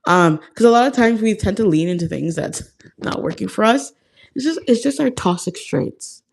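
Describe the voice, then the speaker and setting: A woman's voice: medium pitch, animated, normal speed. A woman hosting a live stream, talking to viewers in an earnest, confiding heart-to-heart, rambling with lots of "like" and restarts. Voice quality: creaky vocal fry. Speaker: host of a self-help live stream. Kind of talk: casual heart-to-heart talk to viewers.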